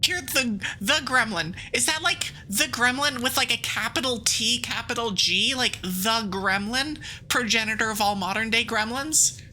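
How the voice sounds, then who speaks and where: A woman streaming a game as a VTuber, chatting casually in a rambling, playful way full of quick asides and giggles, and reading the game's text aloud. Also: on the high side, bright, forceful tone, slight background noise, rough recording.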